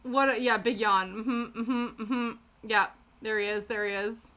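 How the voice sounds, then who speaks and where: A woman's voice: on the high side, fairly even intonation, unhurried, sharp tone, smooth. A British woman streaming a crafting session, chatting casually and reacting to her chat with frequent laughs. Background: faint background music.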